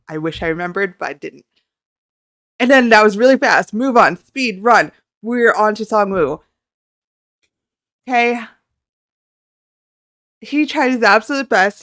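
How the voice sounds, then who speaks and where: A young woman from Canada, telling a rambling, excitable story about meeting a group in a casual vlog, talking close to the mic. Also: medium pitch, dry recording. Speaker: YouTuber.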